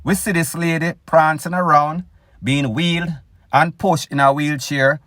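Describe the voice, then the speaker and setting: A Jamaican man hosting a news commentary show, speaking slowly and deliberately with an opinionated edge. He talks straight to his listeners. His voice is dry and close to the mic, with no room sound. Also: fairly high pitch, fairly even intonation, fairly bright tone, no room sound. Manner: opinionated, addresses listeners as "people". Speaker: news blogger host.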